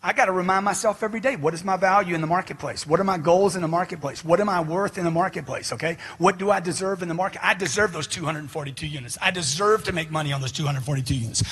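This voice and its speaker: Husky, forceful male seminar speaker. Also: sits high. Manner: forceful, preachy, asks the crowd questions. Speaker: motivational speaker. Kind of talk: motivational seminar talk.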